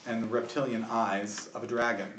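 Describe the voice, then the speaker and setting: A man narrating as game master of a tabletop game, lively and halting with fillers, recorded in an echoey room from a distant mic with faint noise. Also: fairly low pitch.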